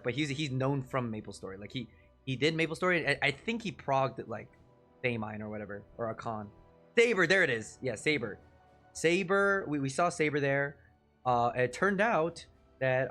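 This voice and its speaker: A man's voice: medium pitch, fairly bright tone. A man streaming live, telling a rambling, self-deprecating story full of fillers and chuckles, with faint music behind him. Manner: chuckles often between phrases.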